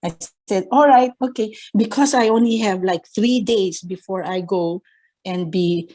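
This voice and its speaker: Slow-spoken Filipino woman telling her story. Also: on the low side, steady tone, warm tone. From Philippines. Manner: hesitant with many fillers, acts out quoted dialogue. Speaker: nurse interviewee. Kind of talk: conversational storytelling interview.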